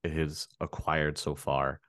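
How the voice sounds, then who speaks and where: A man's voice: rumbling low, flat delivery, unhurried, fairly bright tone, dry recording, clean studio sound. A man hosting a podcast, explaining game lore with playful, teasing sarcasm. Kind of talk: casual podcast chat.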